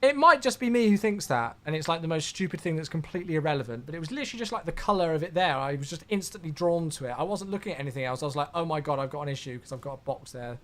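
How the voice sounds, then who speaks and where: A man's voice: on the high side, expressive, rapid-fire, hardly any pauses. A man chatting casually on a flight sim live stream, rambling as he answers viewer questions.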